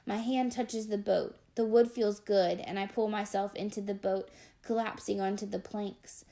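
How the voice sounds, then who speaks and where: A woman reading an audiobook in the first person, telling the story expressively with dramatic, measured pauses. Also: mid-range voice, steady tone, dark tone. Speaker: audiobook narrator.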